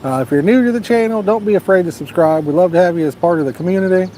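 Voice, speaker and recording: He's a fast talker with a high but dark-toned voice, hosting a night fishing stream by a lake with a storm nearby. Laid-back and drawling, he chats, reads viewer comments aloud, and encourages likes and subscriptions, with slight background noise.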